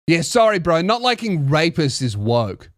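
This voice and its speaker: A man's voice: fairly high pitch, very animated, normal speed, noisy background. A young man hosting a podcast, ranting in a sarcastic, mocking, profane comedic monologue into a close mic. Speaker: podcast host.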